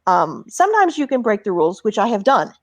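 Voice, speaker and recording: A woman's voice: medium pitch, sing-song, fairly quick, no room sound. A woman from Texas with a mid-range voice, speaking as an author on a live panel. She explains her points with confidence. The recording is dry and close.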